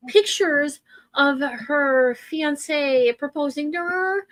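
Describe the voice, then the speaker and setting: A woman's voice: mid-range voice, normal speed, no echo, poor audio. A woman co-hosting a casual wrestling chat in a mid-range voice. She talks with gushing enthusiasm about the wrestlers she admires. The recording is dry and close. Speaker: podcast co-host.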